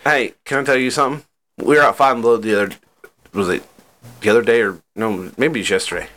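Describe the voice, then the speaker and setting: A man co-hosting a casual podcast, playful and quick to laugh. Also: fairly bright tone. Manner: playful, laughs often, swings up and down in pitch. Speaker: podcast co-host. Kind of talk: casual chat.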